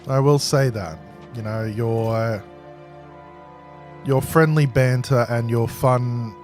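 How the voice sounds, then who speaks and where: A man streaming a game, chatting casually with viewers in a slow, calm voice that he pitches from the chest. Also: soft background music. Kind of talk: casual live-stream chat.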